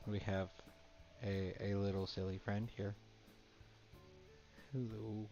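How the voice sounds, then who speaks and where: A male streamer talking gently to his pet during a live game stream, slow and low. The audio is dull and lo-fi, with faint game music behind him. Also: flat delivery. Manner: talks softly to his pet.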